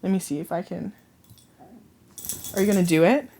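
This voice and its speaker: A woman's voice: fairly low pitch, normal speed, gravelly, mellow, a little hiss or hum. Woman just chatting on her podcast at home, all over the place, cracks herself up. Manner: chatty, laughs at own jokes, rambling. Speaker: podcast host. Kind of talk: casual chat.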